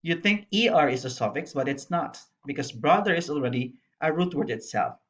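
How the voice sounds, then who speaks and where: A woman's voice: low-pitched, animated, fairly quick. A woman teacher narrating a recorded English lesson for young pupils, spelling out letters and explaining patiently. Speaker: primary school English teacher. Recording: dull lo-fi voice-over.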